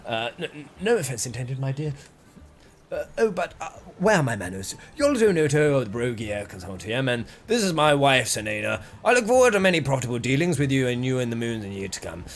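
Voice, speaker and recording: A man's voice: medium pitch, sing-song, brisk, slight background noise, natural voice. A man voicing a pompous older male merchant who rambles and stumbles over his words. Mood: blustery.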